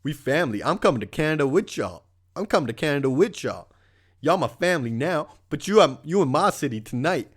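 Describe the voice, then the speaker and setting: A man's voice: a little high, very animated, brisk, husky, voice pushed up. A man voicing an over-friendly party guy who calls everyone brother and family. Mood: boisterous. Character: over-friendly adult man partying at a hotel, sentimental, boastful.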